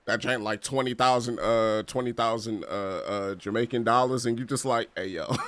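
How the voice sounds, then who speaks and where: A man's voice: medium pitch, fairly even intonation, normal speed, fairly bright tone, dry recording. A man streaming a game playthrough, chatting casually in slang, laughing often and reading game text aloud. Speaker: gaming streamer. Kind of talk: casual let's-play commentary.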